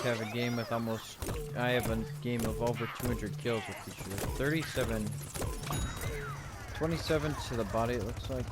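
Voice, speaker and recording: A young man giving casual, monotone commentary over his own gameplay. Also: mid-range voice. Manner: monotone, offhand. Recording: clear background noise.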